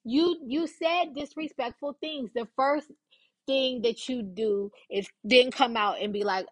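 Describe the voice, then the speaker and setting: A woman with a fairly high voice talks through her opinions in a casual commentary. She speaks informally and emphatically, hammering her points home by repeating them. The recording is dry and close, with no room echo. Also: measured pace, a bit bright.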